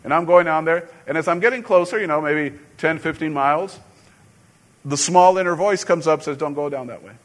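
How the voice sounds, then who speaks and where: With a voice pitched a little high and a normal pace, this middle-aged pastor preaches like he's chatting and telling a story. Every so often he bursts into sudden loud emphasis.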